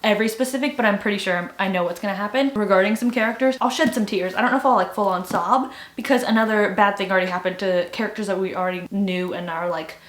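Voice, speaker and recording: A woman's voice: medium pitch, steady tone, fast, few pauses. A young woman chatting casually in a vlog, rambling with lots of filler words. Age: young adult. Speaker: booktuber. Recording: echoey room.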